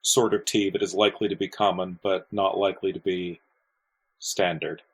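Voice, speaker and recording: A man's voice: low voice, little pitch movement, normal speed, husky, poor audio. A man playing a tabletop game in character, polite and understated. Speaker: player. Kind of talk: tabletop role-play in character.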